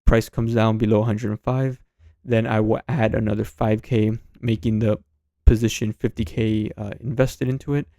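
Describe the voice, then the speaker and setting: Guy with a low gravelly voice walking through price charts, casual, kinda rambly with lots of ums, dry close sound. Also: little pitch movement, normal speed, warm tone, dry recording. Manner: thinks aloud with many fillers and restarts. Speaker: trading channel host.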